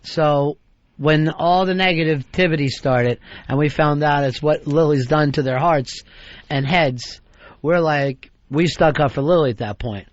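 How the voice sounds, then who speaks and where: A man's voice: on the high side, a little slow, dry recording. A man hosting a radio talk show, rambling wryly and acting out the quotes he tells. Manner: wry, rambling, acts out quotes. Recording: dull lo-fi radio broadcast.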